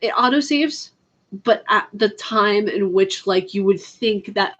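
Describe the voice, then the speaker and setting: A woman's voice: medium pitch, unhurried, a bit bright, lo-fi sound. A woman chatting casually on a live stream about video games, laughing often and answering her chat. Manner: chatty, giggly, reads chat aloud.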